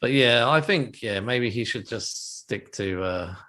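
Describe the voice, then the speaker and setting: A man's voice: mid-range voice, animated, unhurried, sharp tone. A male podcast host in casual chat, rambling with frequent stammers, restarts and laughs.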